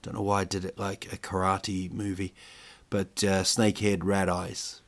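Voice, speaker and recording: Male podcast host, lowish voice, loose jokey rambling delivery. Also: little pitch movement, moderate pace. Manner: chatty, jokey, rambling with fillers. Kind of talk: casual monologue.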